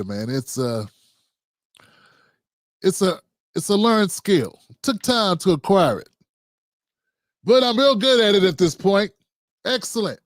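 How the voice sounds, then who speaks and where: A man's voice: high voice, big pitch swings, slow pace, long pauses, no echo, studio quality. Joking man hosting a casual talk show. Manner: loose, joking, rambling with slang and asides. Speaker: host.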